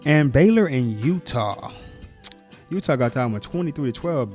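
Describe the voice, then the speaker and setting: A man's voice: medium pitch, measured pace, soft background music. A man giving a casual, slangy recap of college football scores, hyping players and teams. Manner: slangy, excited hype talk. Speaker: sports vlogger.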